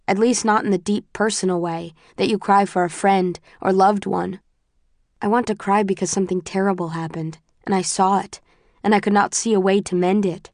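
A woman narrating a novel in the first person, with a measured, introspective and even delivery. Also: mid-range voice, no room sound, studio quality. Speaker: audiobook narrator.

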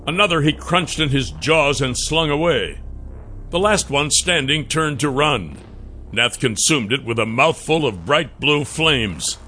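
A man narrating a fantasy audiobook in a measured, expressive storytelling manner. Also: a little high, slight background noise.

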